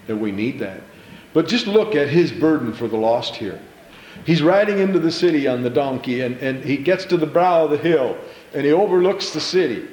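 A male pastor preaching an impassioned sermon in a church, repeating phrases and stumbling into quick restarts as he builds. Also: mid-range voice, a little mellow, echoey room, low-quality recording.

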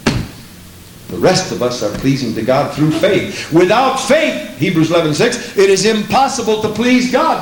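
High voiced preacher guy, punchy repeated lines, echoey church room. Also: big pitch swings, unhurried, a little hiss or hum. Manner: emphatic, repeats lines, asks the congregation questions. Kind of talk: sermon.

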